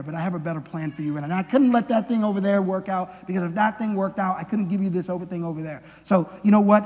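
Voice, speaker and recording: A preacher puts on a tender, compassionate Jesus, dropping his high voice noticeably lower and keeping it soft and reassuring. The words ring out with a long hall reverb behind them. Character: gentle compassionate male Jesus speaking to a disciple. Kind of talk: preacher quoting Jesus in a sermon.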